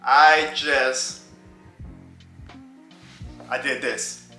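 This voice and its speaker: A man in his thirties telling a personal story in a casual vlog, animated and often laughing. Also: medium pitch, very slow. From New Orleans. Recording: roomy with faint music.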